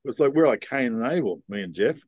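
An older man tells stories as a podcast guest, in a frank, reflective way that circles back on itself. His voice sits at a middle pitch. The sound is dry and close. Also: lively intonation, a little fast, slightly rough, dry recording. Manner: rambling, frank and reflective, with frequent ums and restarts. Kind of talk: casual storytelling conversation.

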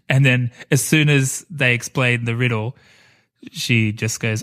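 A man's voice: medium pitch, steady tone, normal speed, fairly bright tone. Man, podcast co-host, casual film chat, rambling, laughs a lot. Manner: laughs often, rambling and enthusiastic.

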